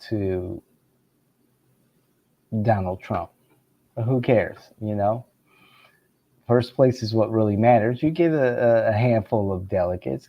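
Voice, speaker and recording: A man's voice: on the low side, muffled recording. A man giving casual political commentary, sarcastic, often stammering over restarts and laughing between phrases.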